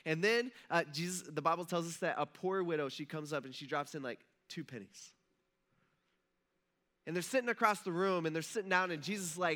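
A male pastor with a bright, forceful voice, sitting a little high for a man. He preaches in a relaxed, conversational way and slips into casual dialogue as he retells a story in the church auditorium. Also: fast. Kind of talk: sermon.

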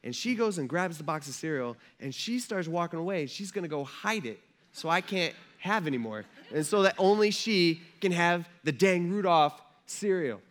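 A man in his thirties preaching a sermon from a church stage, telling stories in an animated, conversational way with lots of asides. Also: on the high side, moderate pace. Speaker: pastor.

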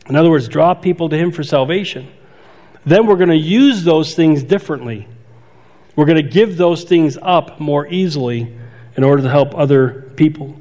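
A pastor giving a conversational sermon, stopping to restart phrases and add asides. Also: male voice, fairly high pitch, darkish tone. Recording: dull sound with long hall reverb.

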